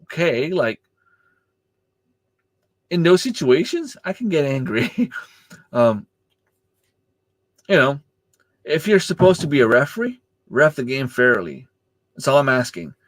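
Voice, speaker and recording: A man's voice: very animated, unhurried, pauses often, no echo. A man who coaches youth soccer, chatting casually on a livestream, telling stories with lots of fillers and acting out the exchanges. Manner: storytelling, acting out quoted exchanges with rising pitch; hesitant, many fillers and restarts.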